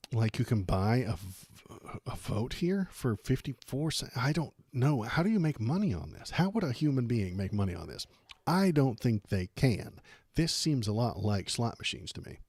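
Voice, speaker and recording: A man's voice: mid-range voice, a little mellow, husky, no room sound. A man hosting a political livestream, giving sarcastic, exasperated commentary.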